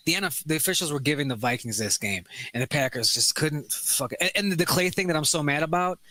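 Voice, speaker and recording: Male podcast co-host, higher bright voice, excitable ranter. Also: fast talker, dry recording. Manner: excitable, swears often, rants about sports. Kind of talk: casual chat.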